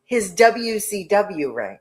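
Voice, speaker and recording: A woman co-hosting a chat show, talking in an animated, gossipy way and swearing freely. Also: medium pitch, slow pace. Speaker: co-host. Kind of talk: casual chat.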